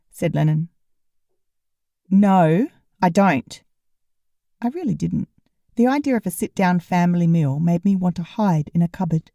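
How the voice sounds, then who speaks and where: A woman reads a first-person novel in a wry, deadpan way. Her voice is soft and mellow, recorded close and dry with no room sound. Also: medium pitch, no room sound. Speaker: audiobook narrator. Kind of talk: first-person fiction narration.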